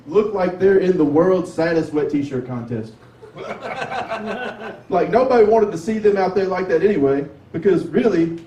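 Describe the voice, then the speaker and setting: A man's voice: high-pitched, mellow, slight background noise. A man from Tennessee with a Southern accent, doing open mic stand-up in a drawling, conversational way and swearing freely. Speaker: stand-up comedian. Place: sports bar with a light crowd. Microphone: 360 camera from across the room. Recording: echoey bar from far off.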